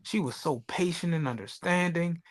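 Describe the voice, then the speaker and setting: A man co-hosting a sneaker podcast, telling animated stories in casual chat. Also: on the high side, normal speed. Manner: animated storyteller acting out customer quotes. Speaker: podcast co-host.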